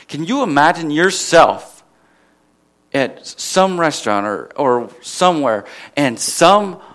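A man preaches a sermon, asking his listeners questions and rising to emphatic, swelling peaks. His voice sits a little high for a man. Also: expressive, slow pace, fairly bright tone. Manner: rhetorical questions to the crowd, building to emphatic peaks.

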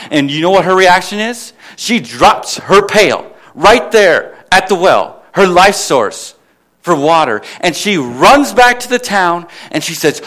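A man preaches a sermon, asking his listeners questions and rising to emphatic, swelling peaks. His voice sits a little high for a man. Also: animated, normal speed, a bit bright. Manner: rhetorical questions to the crowd, building to emphatic peaks.

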